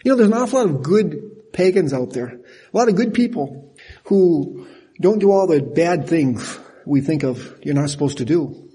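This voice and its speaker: An older man preaching a sermon in a folksy, animated way, laughing at himself now and then. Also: fairly high pitch, normal speed, breathy edge. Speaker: pastor.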